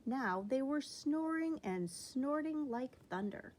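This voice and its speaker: A woman reads a children's picture book aloud with unhurried, careful pacing. Her voice sits fairly high and she shapes each sentence expressively for young listeners. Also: slight background noise, poor audio. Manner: slow, expressive reading. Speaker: storybook reader.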